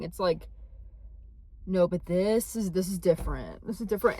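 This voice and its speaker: A woman's voice: medium pitch, very animated, normal speed, a little mellow. A young woman chatting casually to her phone camera in a vlog, bubbly and gushing, full of slang. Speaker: vlogger.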